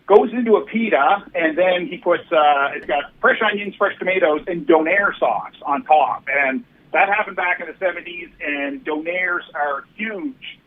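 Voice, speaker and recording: A man's voice: fairly high pitch, moderate pace, few pauses. Canadian man on a tinny phone line. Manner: chatty, explains at length. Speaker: guest on a call-in. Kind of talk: casual chat.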